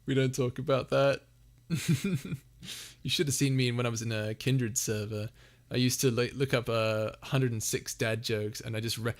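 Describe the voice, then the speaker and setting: A man's voice: mid-range voice, fairly even intonation, normal speed. A young man hosting a casual live Q&A, reading chat messages aloud and laughing often. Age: young adult. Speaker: livestream host.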